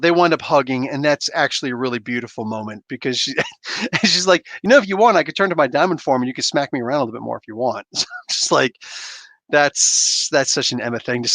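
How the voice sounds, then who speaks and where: A man hosting a live comic book review, talking in a casual, excitable, slangy and rambling way. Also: on the high side, no room sound.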